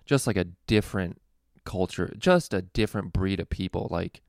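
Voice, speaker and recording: Guy telling a rambly sweary story, lots of laughing, deep-ish and gravelly. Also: lively intonation, moderate pace, dry recording, studio quality. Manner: rambling, profane, laughs often. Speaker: screen printer telling a work story. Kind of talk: casual storytelling.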